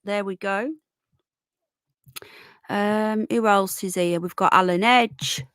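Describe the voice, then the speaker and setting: A woman's voice: medium pitch, steady tone, slow pace, fairly bright tone, clean tone, no echo, studio quality. A tired, yawning woman hosting a casual live stream, chatting and greeting viewers by name as darling and sweetheart. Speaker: livestream host.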